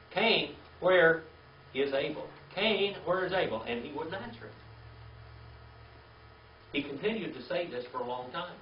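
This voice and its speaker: A man's voice: medium pitch, slight background noise. A man teaching a Bible class, asking questions and having the group repeat Hebrew words aloud. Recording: roomy, distant, dull lo-fi sound.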